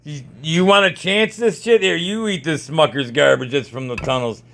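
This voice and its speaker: A man's voice: fairly high pitch, moderate pace, creaky, fairly bright tone. A man vlogging at home, ranting sarcastically and swearing as he checks jars in his storage. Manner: keeps repeating "see how that works".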